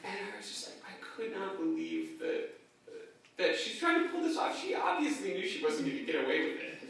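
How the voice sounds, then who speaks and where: A man's voice: high voice, very animated, a little fast, gravelly, fairly bright tone. A young man giving a eulogy for his grandmother in a funeral chapel, telling stories casually with fillers. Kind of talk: anecdotal eulogy. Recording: echoey chapel, distant mic, faint noise.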